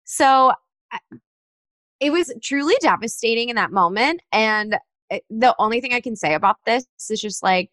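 A woman's voice: fairly high pitch, normal speed, no room sound. A young woman telling a dating story in casual chat, acting out the texts she got and sent. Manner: animated storyteller, acts out texts in quoted voices.

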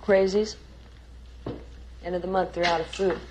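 An actress playing a nervous young woman stuck in a dangerous city, talking in a hushed voice, heard as a film clip. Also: fairly low pitch, fairly even intonation, moderate pace, natural voice. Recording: noisy film soundtrack clip.

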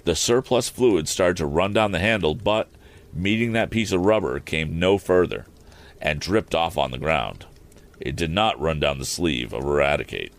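A man reads a story aloud in a very deep voice. His delivery is relaxed and expressive, ranging widely in pitch, with the odd stumble he corrects. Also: normal speed. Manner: relaxed, occasional slips and self-corrections. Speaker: reader.

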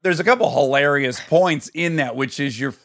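A man's voice: a little high, moderate pace, gravelly, a bit bright. A man hosting a podcast who chats casually, laughs along and asks open questions. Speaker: podcast host. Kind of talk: casual interview chat.

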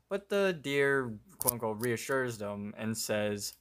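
A man's voice: medium pitch, unhurried, few pauses, clear, resonant tone. A man co-hosting a podcast, casually retelling a cartoon episode with wry asides. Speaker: podcast co-host.

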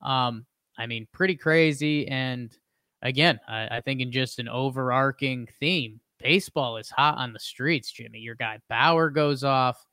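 An easygoing man delivers a casual sports rundown on a podcast, tossing in quick quips between headlines. His pitch is middling and ordinary. The recording is close and dry. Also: bright, forceful tone, clear, resonant tone, no room sound. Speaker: podcast co-host reading sports news.

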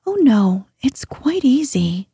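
An eager little princess girl, whispered by a woman reading a storybook, breathy and hushed in whispered role-play. She sounds earnest and insistent, her voice mellow and unhurried. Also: fairly high pitch, very animated, dry recording, clean studio sound, voice pushed up, heavily acted.

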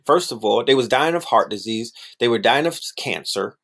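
A man talking in a casual, animated monologue, full of slang and repeated phrases, sometimes mocking other people's voices. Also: medium pitch, moderate pace, hardly any pauses.

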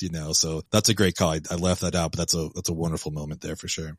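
A man with a very low voice talks casually as a podcast guest. He rambles, leaning on filler words as he retells a scene. The sound is dry and close. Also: fairly even intonation, fast talker, hardly any pauses, no echo. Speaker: guest co-host. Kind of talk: casual podcast film discussion.

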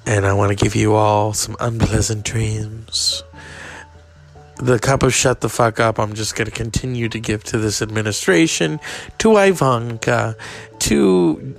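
A man's voice: fairly low pitch, a little slow, gravelly, soft background music. A man hosting a podcast, rambling in a crude, sarcastic casual monologue. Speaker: podcast host.

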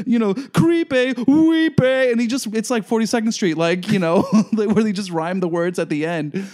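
A man with a fairly high voice co-hosts a casual podcast chat. He talks in an animated, gushing way and slips into little sung quotes. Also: normal speed. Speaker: podcast co-host.

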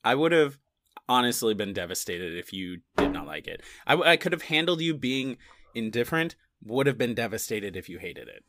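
A man's voice: medium pitch, big pitch swings, moderate pace, a bit bright, slight background noise. A man co-hosting a casual podcast chat, joking and playful, laughing often. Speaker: podcast co-host.

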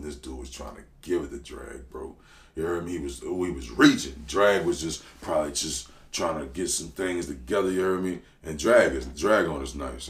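Guesting on a podcast, a New Orleans rapper with a very deep voice shares stories in a casual interview, animated, full of slang, and loud in bursts. The sound is roomy and echoey.

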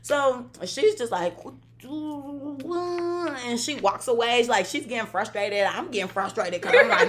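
An American woman co-hosting a podcast, telling a travel story in animated casual chat, laughing often and acting out what people said. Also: on the high side, unhurried. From United States. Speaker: podcast co-host.

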